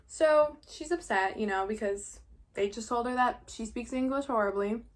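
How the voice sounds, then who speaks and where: Teen girl vlogger, rambly and chatty, says like a lot, voice on the higher side. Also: normal speed, a little hiss or hum. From New York. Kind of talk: casual chat recapping a musical while eating.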